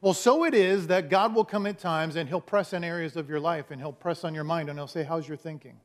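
A man preaching a sermon with a fairly high voice for a man. He speaks in a folksy, storytelling way and leans on humor to make his point to the congregation. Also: a little fast. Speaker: pastor.

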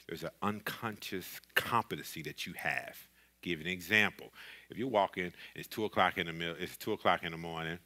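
A man's voice: low-pitched, bright, forceful tone. A male pastor giving a conversational sermon in a church, mixing candid asides and humor into his preaching. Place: church sanctuary.

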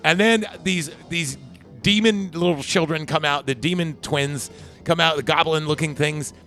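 A man's voice: a little high, normal speed, fairly bright tone, soft background music. A man casually recapping a film on a podcast, rambling and swearing as he acts out its lines. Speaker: podcast co-host. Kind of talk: casual movie recap chat.

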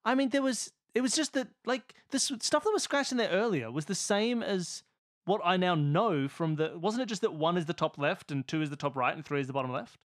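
A man's voice: sits high, lively intonation, fairly quick. A man playing a tabletop game, thinking aloud and guessing, getting exasperated at the other players.

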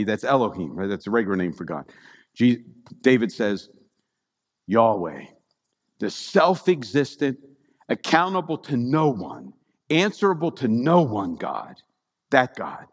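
A man's voice: mid-range voice, in a large hall. A man preaching a conversational sermon, often checking in with his listeners by asking "right?". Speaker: pastor.

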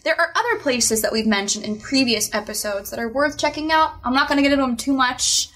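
A woman's voice: sits high, fairly quick, a bit bright. A woman co-hosting a podcast in casual chat, upbeat and chatty with playful exclamations. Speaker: podcast co-host.

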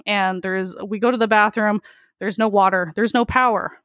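A woman telling a raucous story as a podcast guest, her voice at an everyday middle pitch. She is candid and laughs a lot, leaning on "like" throughout, and the recording is close and dry. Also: steady tone, moderate pace, a bit bright, no room sound. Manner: candid, laughs often, many likes. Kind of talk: casual storytelling interview.

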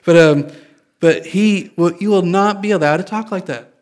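A man's voice: high voice, normal speed. A male pastor giving a conversational sermon, often restarting his sentences and making light jokes. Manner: conversational, self-correcting, joking.

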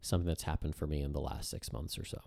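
A man with a low voice co-hosts a relaxed podcast chat. He is playful and teasing, and he explains ideas at length. The sound is dry and close. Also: fast, gravelly, no echo. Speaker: podcast co-host. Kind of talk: casual chat about astrology.

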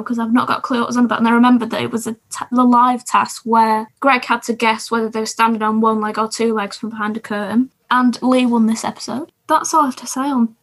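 A woman's voice: on the high side, fairly even intonation, a little fast, few pauses, fairly bright tone, breathy edge, rough recording. A woman co-hosting a podcast, recapping TV shows in casual, rambling chat and laughing often. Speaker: podcast co-host.

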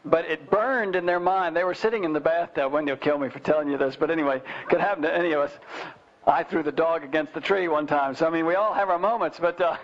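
A man's voice: a little high, fast. A man teaching parents in an informal talk, telling family stories with restarts and fillers. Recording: dull lo-fi recording.

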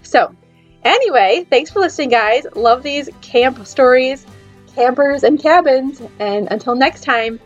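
A woman in her thirties hosting a podcast, telling personal stories in an animated, heartfelt way. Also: high voice, unhurried, dull audio, soft background music. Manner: animated, emotional storytelling with laughs. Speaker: podcast host. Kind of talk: storytelling podcast monologue.

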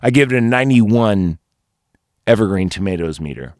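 A man with a fairly low voice reviews films in a loose, rambling podcast chat. He swears constantly and gushes with enthusiasm. The sound is dry and close, with no room echo. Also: expressive, normal speed, darkish tone. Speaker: podcast host. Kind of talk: casual movie review.

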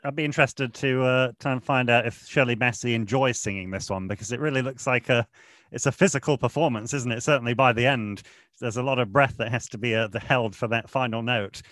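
A man's voice: medium pitch, a little fast, a bit bright, dry recording. Man, podcast co-host, casual and hesitant, dry close-mic sound. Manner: hesitant, many "uh" fillers. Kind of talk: casual chat about film music.

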